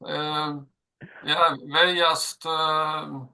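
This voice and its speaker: Bright-voiced Swedish man, halting answers. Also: a little high, level tone, creaky. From Sweden. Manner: plain, halting with fillers. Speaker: guitarist and songwriter. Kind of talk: casual interview answers.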